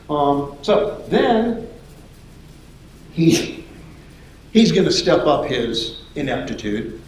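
A man preaching a sermon as lively storytelling, acting out the voices of the people in his story. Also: on the high side, drawn-out words, long pauses, slight background noise. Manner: animated storytelling, acts out voices. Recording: echoey hall.

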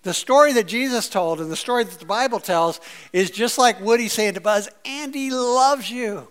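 A man preaching a sermon in a conversational, animated way, with many fillers and playful asides. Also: high voice, a little fast, smooth. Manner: playfully acts out quoted voices. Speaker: pastor.

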